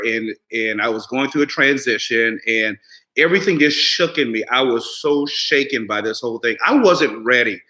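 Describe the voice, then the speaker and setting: A man's voice: mid-range voice, pushed and bright, rough recording. A man co-hosting a casual chat, speaking reflectively. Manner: reflective, backs up partner. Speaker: co-host.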